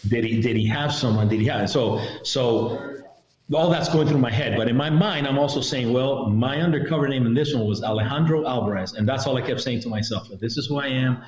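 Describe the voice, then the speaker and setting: A middle-aged man, a retired federal agent, recounting a story in a podcast interview as an animated storyteller who acts out what others said. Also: medium pitch, fairly quick. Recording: roomy, slightly dull sound.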